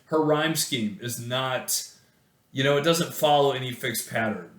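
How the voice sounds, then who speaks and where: A man of ordinary pitch talks through a poetry lesson in a relaxed, conversational way, often restarting his sentences and adding asides. His voice carries a noticeable room echo, as if recorded in a bare space. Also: unhurried. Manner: informal, chatty, full of restarts and asides. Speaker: poetry lecturer. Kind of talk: casual recorded lecture.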